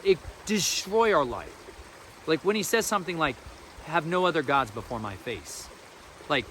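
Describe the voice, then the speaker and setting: A man's voice: sits high, a bit bright, slight background noise. A man giving an informal spiritual teaching as a podcast host, earnest, emphatic and colloquial.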